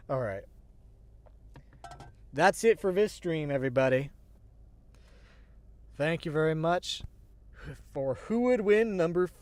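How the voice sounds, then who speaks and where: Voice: medium pitch, unhurried, pauses often. An agender streamer rambling in casual livestream chat. They swear casually, laugh often and make fun of themselves. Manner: self-deprecating, restarts sentences. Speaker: streamer, show host.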